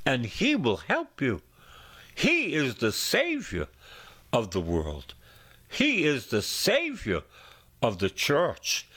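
A middle-aged man preaching a sermon as a priest, with emphatic repetition and wide swings of his voice. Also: a bit bright. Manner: slow, sweeping pitch swings with emphatic repetition.

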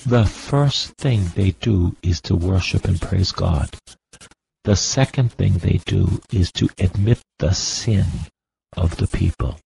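Male preacher, low gravelly voice, slow and insistent sermon delivery, faint noise behind. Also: mellow, poor audio. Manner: impassioned, repetitive, drawn-out preaching cadence.

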